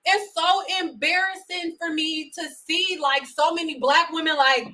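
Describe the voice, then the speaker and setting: A woman in her thirties rants bluntly and profanely, sounding thoroughly exasperated. Her voice is very high and bright, with a sharp edge. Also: measured pace, few pauses, a little hiss or hum, rough recording. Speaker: vlogger. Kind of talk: profane ranting commentary.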